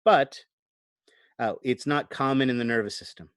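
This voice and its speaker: A man's voice: mid-range voice, moderate pace, clear, resonant tone, no echo. A man giving a recorded online lecture into a computer microphone, explaining things conversationally and often checking in with "right?". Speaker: college lecturer.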